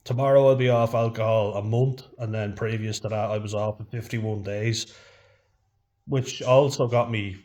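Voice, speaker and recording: Frank, swearing Irish man, low voice. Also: fairly even intonation, normal speed, a little mellow, dull audio. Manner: frank, heavy swearing, frequent "you know". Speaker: vlogger. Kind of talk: casual chat to camera.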